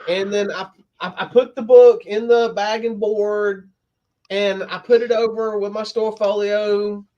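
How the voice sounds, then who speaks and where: A laid-back man with a fairly high voice, telling stories in casual chat about comics. He talks easily and unhurried, recounting things step by step. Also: level tone, mellow, muffled recording. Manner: storytelling, laid-back with laughs. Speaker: podcast co-host.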